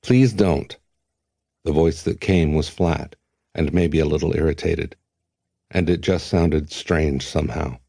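A male audiobook narrator reading in a steady, measured way. His voice sits very low and sounds warm and dark. The recording is dry and close. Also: gravelly, husky, dry recording. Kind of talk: scripted narration.

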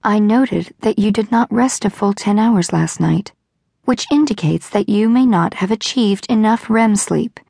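A woman voicing a kind, graceful female robot caretaker with a gentle, measured, faintly formal manner. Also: mid-range voice, creaky, no echo, clean studio sound. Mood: gentle concern.

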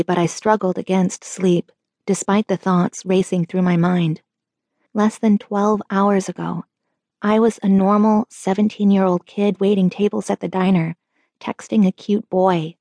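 A woman narrating a young-adult novel in the first person, with measured, earnest storytelling. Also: mid-range voice, mellow, dry recording. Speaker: audiobook narrator.

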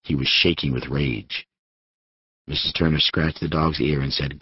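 A man reading an audiobook in steady first-person narration on a studio microphone. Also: a bass voice, moderate pace, breathy edge, dry recording, lo-fi sound. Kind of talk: scripted narration.

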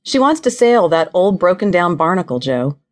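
A woman reading a gentle worried mother. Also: fairly low pitch, very animated, moderate pace. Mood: concerned.

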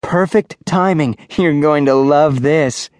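A man's voice: fairly high pitch, takes it slowly, a little mellow, no echo, studio quality, pitched above the performer's own voice. A man voicing a bubbly young woman chemistry genius in an audiobook, gushing and enthusiastic. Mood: cheerful. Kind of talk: audiobook character voice.

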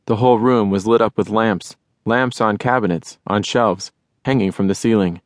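A man narrating a children's audiobook with lively first-person storytelling. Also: on the low side, normal speed, no echo, clean studio sound.

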